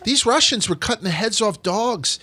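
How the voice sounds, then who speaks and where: A man's voice: high-pitched, expressive, moderate pace, sharp tone, a little hiss or hum. A man hosting a comedic history podcast, telling old stories with crude jokes and swearing. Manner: profane, joking storyteller reading out history. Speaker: podcast host.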